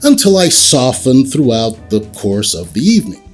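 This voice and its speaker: A man introduces himself and his stage role in a clipped, crisp way, his pitch moving widely. Faint music plays underneath. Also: big pitch swings, normal speed. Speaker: actor. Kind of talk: self-introduction.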